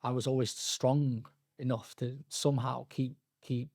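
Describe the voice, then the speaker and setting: Gravelly man telling his story. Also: mid-range voice, flat delivery, darkish tone, no room sound, clean studio sound. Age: young adult. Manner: halting, frequent restarts and fillers, quoting himself and others. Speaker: podcast guest. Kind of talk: candid personal storytelling.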